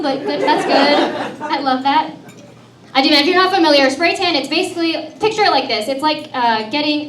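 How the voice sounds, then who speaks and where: A woman in her thirties works a comedy club stage in a bright, high voice, keeping things breezy and self-mocking. The sound is roomy and a little distant, with the crowd clearly audible around her. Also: a little hiss or hum. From United States. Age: 30s. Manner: breezy, self-mocking, lots of "man" and "dude". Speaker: stand-up comedian. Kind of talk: stand-up comedy set.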